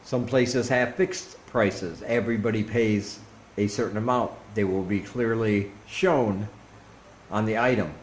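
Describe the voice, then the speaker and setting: A man talks through a casual instructional vlog, spacing out his words slowly and repeating each phrase. The room rings with echo, and faint traffic noise sits underneath. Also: fairly low pitch, steady tone. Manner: slow, deliberate, repeats each phrase several times. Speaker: vlogger teaching phrases.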